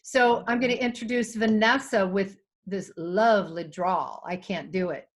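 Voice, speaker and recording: A woman's voice: mid-range voice, a little slow. A woman hosting a panel on a video call, chatty and enthusiastic as she introduces guests. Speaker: host.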